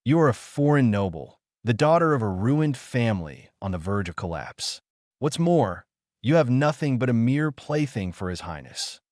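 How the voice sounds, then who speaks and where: A man's voice: mid-range voice, sing-song, moderate pace, darkish tone, no room sound, clean studio sound, natural voice. A man reading the lines of a haughty, scornful young noblewoman in a condescending tone.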